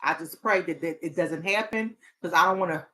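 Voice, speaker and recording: A woman's voice: lowish voice, brisk, fairly bright tone, slight background noise. A woman hosting a talk show as a therapist, speaking earnestly in a casual, heartfelt way. She often restarts her sentences and breaks into laughter.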